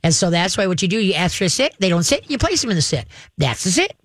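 A woman's voice: medium pitch, very animated, fast, dry recording. A woman working as a dog trainer and host, giving advice to callers in an emphatic, chatty way. She laughs often and keeps checking in with "okay?". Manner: laughs often while explaining. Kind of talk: call-in advice show.

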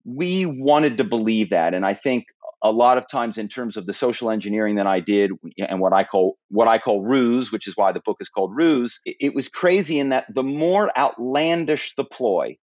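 A man guesting on a podcast, telling stories in a lively way with lots of "you know" and "right?". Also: medium pitch, normal speed, dry recording, dull audio. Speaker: podcast guest, former corporate spy and author. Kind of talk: animated storytelling in conversation.

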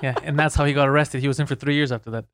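A man, a comedian, telling stories in casual chat, animated and swearing, acting out what people said. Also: medium pitch, dry recording. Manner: fast, animated storytelling with acted-out quotes and swearing. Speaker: comedian and podcast host.

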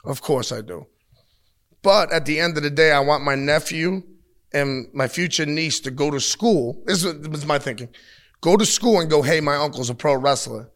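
A man in his thirties, a wrestler giving an interview, talking bluntly and with lots of swearing as he tells animated stories. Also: on the high side, moderate pace. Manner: blunt, profane, animated storytelling. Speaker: pro wrestler, interview guest. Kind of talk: casual interview talk. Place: at a wrestling show taping.

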